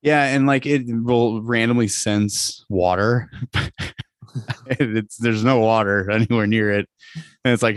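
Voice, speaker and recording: A man's voice: on the low side, steady tone, unhurried, no echo, studio quality. A young man hosting a casual fantasy football podcast, chatty and rambling, laughing often. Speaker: podcast host.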